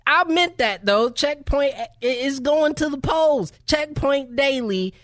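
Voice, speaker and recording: A man's voice: very high voice, expressive, takes it slowly, a bit bright, no room sound. A man hosting a gaming podcast in casual chat, joking and rambling a little. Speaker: podcast host. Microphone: studio mic.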